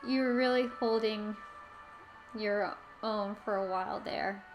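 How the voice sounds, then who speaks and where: A woman's voice: mid-range voice, steady tone, unhurried, highs cut off, faint music behind, voice pushed down, natural voice. A woman reading a modest young heroine.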